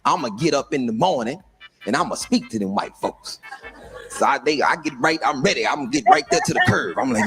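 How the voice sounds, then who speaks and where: A man telling a funny story in a lively way, acting out the people in it. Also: mid-range voice, a little fast, soft background music. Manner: animated, acts out the other people in his story. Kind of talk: comedic storytelling.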